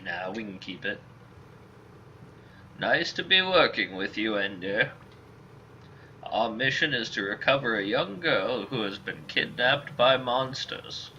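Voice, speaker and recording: A gruff old mercenary who speaks slowly and stately, voiced by a man reading game lines aloud. The tone is bright and sharp. The recording is dull and lo-fi with a faint hiss. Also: fairly low pitch, animated, full character voice.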